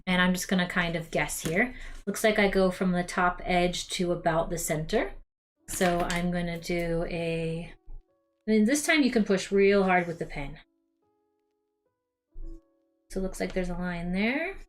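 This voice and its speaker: In her home craft room, a young woman runs a casual cosplay crafting stream, chatting with viewers she calls "you guys" and saying um a lot as she works. Her voice is lowish and her pace measured, with faint music behind her.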